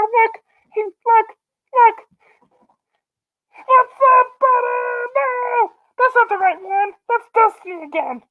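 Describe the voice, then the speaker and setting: A man voicing a squeaky, hyperactive male alter ego who crashes the stream, loud and pushy. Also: narrow, tinny audio, full character voice. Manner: shrill, excitable, pushy.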